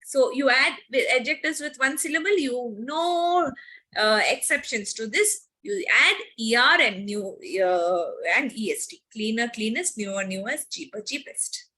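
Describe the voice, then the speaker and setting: A woman teacher explains grammar to a class of children. Her voice is bright and a little high. She repeats key words and slows down to drive each example home. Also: animated. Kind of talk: online class lesson.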